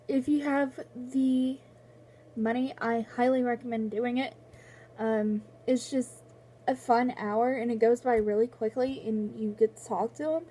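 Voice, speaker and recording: A young woman with a high, mellow voice talks slowly and rambles through her vlog, stopping and restarting her sentences. She sounds tearful, close to crying. A faint hiss sits under her voice. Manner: rambling, halting, full of fillers and restarts. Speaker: book vlogger. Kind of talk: casual vlog chat.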